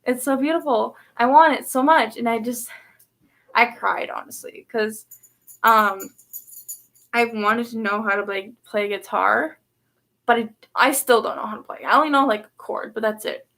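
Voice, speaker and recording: A woman's voice: a little high, fairly even intonation, moderate pace, creaky, long pauses, sharp tone. A woman vlogger telling a personal story in a rambling way, full of fillers and restarts. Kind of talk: casual storytelling vlog.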